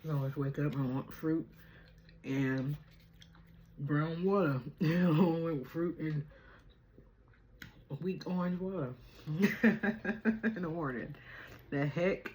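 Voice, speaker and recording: A woman's voice: deep voice, slow, pauses often, a little mellow, a little hiss or hum. A woman hosting a casual home video chat, playful and chatty, often laughing. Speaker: vlogger host. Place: at home indoors. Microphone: camera.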